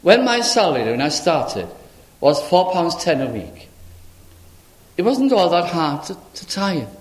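An older man preaching a sermon in an earnest, pleading way, asking rhetorical questions and rising into sudden high exclamations. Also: sing-song, a little slow, reverberant. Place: church.

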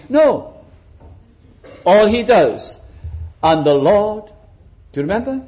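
A man's voice: high voice, sing-song, takes it slowly, pauses often, dark tone, low-quality recording. A man preaching a sermon, dramatic, shifting his pace and acting out quotes for emphasis.

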